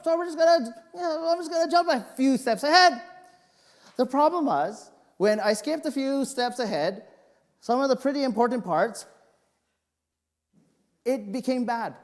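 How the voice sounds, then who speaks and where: High-voiced male pastor in a reverberant hall. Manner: animated, joking storyteller. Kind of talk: sermon with personal anecdotes. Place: church sanctuary. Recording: long reverb of a church hall.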